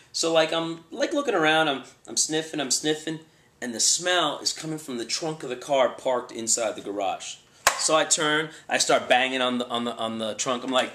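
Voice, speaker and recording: A man's voice: medium pitch, brisk, roomy sound, a little hiss or hum. A man telling a casual anecdote about tracking down a fugitive, acting out the voices in the quotes. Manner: animated, acts out voices in quotes. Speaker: bail enforcement agent.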